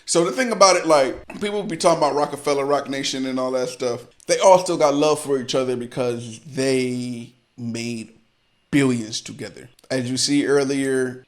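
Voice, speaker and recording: Male reaction host, mid-range voice, relaxed conversational breakdown that loops back on itself. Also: mid-range voice, normal speed. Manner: loose, repeats and restarts, explains each line. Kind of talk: casual reaction commentary.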